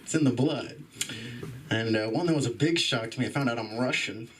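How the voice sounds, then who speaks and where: A young man doing a profane stand-up set at a comedy club open mic, acting out loud voices as he tells stories. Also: mid-range voice, brisk, recorded from a distance, slight background noise. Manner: animated, swearing storyteller, jumps into loud voices.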